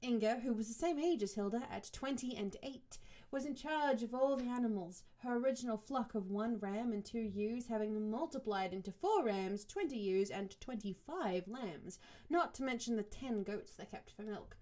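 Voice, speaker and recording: A woman's voice: a little high, mellow. A young woman reading a novel aloud with sarcastic, swearing comic commentary. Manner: sarcastic, quick asides, swears. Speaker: podcast co-host and reader.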